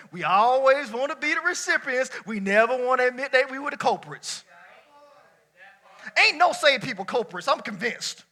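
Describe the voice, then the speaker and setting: Pastor, man, high and very bright voice; loose colloquial sermon, swings from shouts to hushed asides. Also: moderate pace. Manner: lively colloquial preaching, swinging between shouts and near-quiet asides. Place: church before a congregation.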